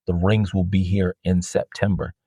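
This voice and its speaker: A man with a somewhat low voice rants casually about his customers, swearing freely and jumping up in pitch when he mimics them. The sound is dry and close, with no room around it. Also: moderate pace, slightly rough, no room sound, low-quality recording. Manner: animated, profane, mimics customers in a higher voice. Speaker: podcast host and jersey seller. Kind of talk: casual storytelling rant.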